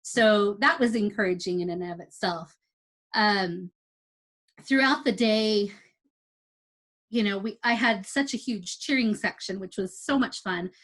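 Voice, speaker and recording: A woman telling a lively, casual story about competing for the first time as an amateur athlete. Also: medium pitch, a little slow, long pauses. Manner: chatty, animated retelling with quoted dialogue.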